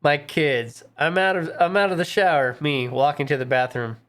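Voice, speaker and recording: Male podcast co-host, casual chat, swears a lot, a bit high-pitched, animated quotes. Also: normal speed. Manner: profane, animated, acts out his kids in quotes.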